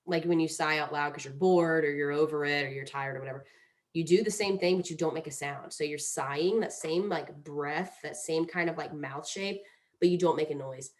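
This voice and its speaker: Woman, lowish voice, playful mindfulness teacher, casual and chatty. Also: brisk. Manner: chatty, playful, demonstrates breathing exercises aloud. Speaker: mindfulness instructor. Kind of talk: casual instructional talk.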